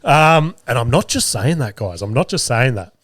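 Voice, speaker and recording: A man's voice: medium pitch, big pitch swings, normal speed, fairly bright tone, no room sound, clean studio sound. A man, telling casual stories as a podcast host, swearing freely and acting out quoted lines. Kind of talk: casual storytelling.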